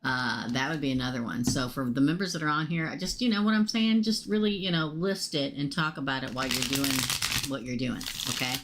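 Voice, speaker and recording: A woman losing her voice, hosting a casual live tarot reading and chatting excitably with viewers she calls by name. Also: rumbling low, a little fast, background noise.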